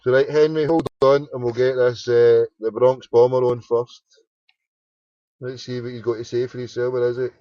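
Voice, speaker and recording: A man's voice: mid-range voice, little pitch movement, normal speed, dry recording. A Glaswegian man hosting a casual late-night phone-in, chatting with callers and fiddling with his computer between calls. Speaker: phone-in show host. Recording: dull, lo-fi home broadcast.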